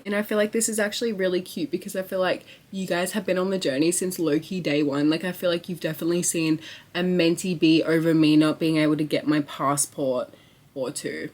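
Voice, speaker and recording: Excitable young woman vlogger. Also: fairly low pitch. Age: young adult. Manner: excitable, swearing, rambling with lots of likes. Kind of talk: casual chat to camera.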